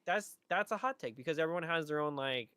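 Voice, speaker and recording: A man co-hosting a casual podcast chat, talking in a laid-back, teasing way that often trails off softly. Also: fairly high pitch, lively intonation, quick pace, clear, resonant tone, no room sound. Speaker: podcast co-host.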